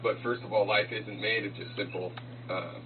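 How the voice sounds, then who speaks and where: A man calmly explaining his point of view in a played recording of a conversation. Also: lowish voice, moderate pace. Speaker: debate opponent in a played clip. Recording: distant, tinny, noisy clip.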